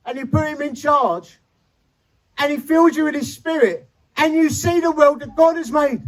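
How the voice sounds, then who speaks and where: A man's voice: extremely high pitch, a bit bright, rough recording. A man, preaching a sermon and telling his conversion story with feeling and humor. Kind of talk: sermon testimony. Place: chapel.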